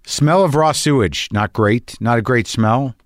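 A man's voice: medium pitch, measured pace, dry recording, studio quality. A middle-aged man hosting a show, talking in a rambling comic monologue that is profane, wry and darkly joking. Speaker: podcast host.

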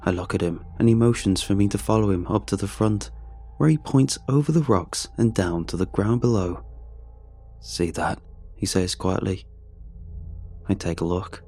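A man's voice: fairly low pitch, moderate pace, dark tone, soft background music. A man narrating a first-person adventure story in a wry, conversational way, speaking the lead's lines himself.

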